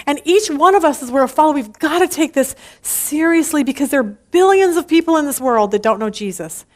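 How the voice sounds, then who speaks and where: A woman's voice: high voice, animated, a little fast, darkish tone. A woman leading a church Bible study class, talking earnestly and emphatically, often restarting her sentences.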